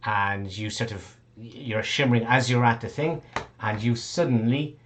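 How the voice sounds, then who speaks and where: A man's voice: medium pitch, measured pace, a bit bright. A man narrating a tabletop game as game master, rambling, swearing casually and laughing often.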